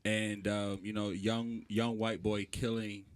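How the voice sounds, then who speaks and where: A man's voice: fairly low pitch, flat delivery, slow, clear, resonant tone. A young man from Charleston, South Carolina, a podcast guest in casual chat, thoughtful with hesitant restarts. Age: young adult.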